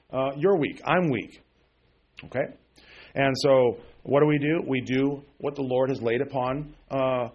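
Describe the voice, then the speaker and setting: A man's voice: medium pitch, a little mellow. A middle-aged man preaching a sermon as pastor, talking in a loose, conversational way with many fillers and asides, and rising with emphasis on key words.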